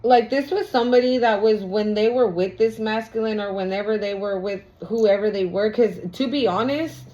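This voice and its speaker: Woman tarot reader, casual, profane, blunt, mid-pitched, lo-fi sound. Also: moderate pace, warm tone. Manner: blunt, slangy, profane, laughs often. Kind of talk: casual tarot reading vlog. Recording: lo-fi recording.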